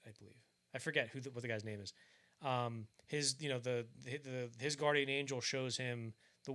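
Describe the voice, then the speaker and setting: A man's voice: medium pitch, fairly bright tone. A young man co-hosting a podcast, chatting casually about films, rambling with lots of fillers and acting out scenes in mock voices. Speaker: podcast co-host. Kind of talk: casual film discussion.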